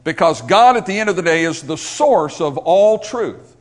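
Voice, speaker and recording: The preacher's voice is high-pitched and expressive, moving at a normal speed. He presses his points emphatically, stacking rhetorical questions and repeated lines that rise to a forceful pitch.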